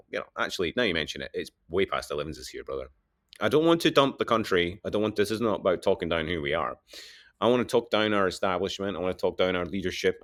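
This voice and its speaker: A man with a fairly low voice talks fast in a rambling solo monologue. His pitch swings widely as he bickers with himself in two voices. He jokes throughout and laughs often. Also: a bit bright. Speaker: local political candidate.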